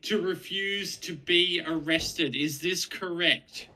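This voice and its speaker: High bright guy, slow and deadpan, playing d&d. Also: low-quality recording. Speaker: player. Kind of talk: casual tabletop game chat.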